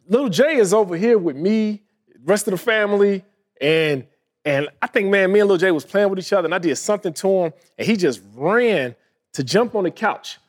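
A podcast co-host in his thirties tells a story in loose, casual chat. His voice sits high for a man. He is animated and laughs often as he goes. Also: moderate pace.

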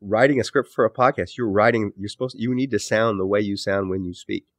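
A man interviewed as an author and podcast host talks casually, rambling thoughtfully and often correcting himself mid-sentence. His lowish voice moves briskly, and the recording is dry with clean studio sound.

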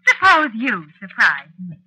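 A coy, jealous witch wife, purring her words in a breathy tone. Her voice swings widely up and down and has a bright, sharp edge. She sounds playful on top and menacing underneath. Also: a little high, very animated, measured pace, exaggerated voice, rough recording. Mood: teasing. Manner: playful, coaxing, with a cold edge. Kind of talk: 1940s radio acting.

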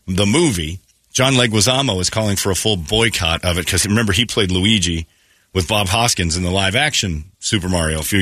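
A man's voice: fairly low pitch, pushed and bright, no echo, clean studio sound. A man hosting a morning radio show, chatting casually and slipping into mocking quoted voices.

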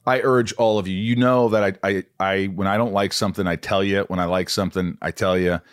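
A man hosting a podcast, chatting casually in a jokey, excitable, rambling way. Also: deep voice, a little fast, dry recording. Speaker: podcast host.

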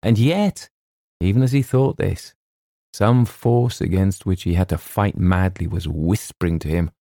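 A man reads a comic story in a deep, gravelly voice with a lot of lift and fall. His tone is dark and mellow, and it sits close and dry. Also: measured pace, no room sound. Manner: droll, wry storytelling. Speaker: audiobook narrator. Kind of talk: scripted narration of a comic story.

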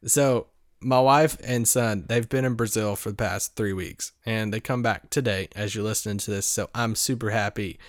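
A man co-hosting a sports podcast, telling a story in a lively, laughing way. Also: on the low side, normal speed, no room sound, studio quality. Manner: animated storyteller, laughs often. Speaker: podcast co-host. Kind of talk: casual podcast chat.

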